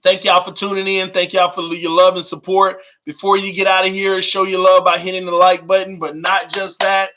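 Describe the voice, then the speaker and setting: A man hosting a sports fan channel, chatting casually and excitedly with his viewers and reading their comments aloud. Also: sits high, normal speed, few pauses, poor audio. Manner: excited, informal, talks to viewers as y'all. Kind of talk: casual vlog chat reading live comments.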